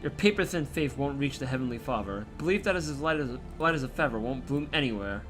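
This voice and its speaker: Cruel, mocking fallen saint, commanding and vengeful , read by a man, animated delivery over faint game music. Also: medium pitch, natural voice. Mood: gloating. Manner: theatrical, sneering, drawn-out reading. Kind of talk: reading game dialogue aloud.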